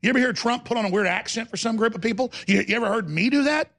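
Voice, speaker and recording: High gravelly man ranting on talk radio. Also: a bit bright. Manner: aggressive, rapid-fire ranting. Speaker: radio show host.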